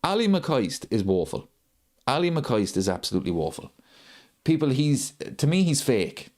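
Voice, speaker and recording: A man's voice: medium pitch, big pitch swings, moderate pace, darkish tone. A man hosting a live football watchalong, ranting and repeating his points for emphasis. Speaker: host of a football watchalong channel. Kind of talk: live stream chat.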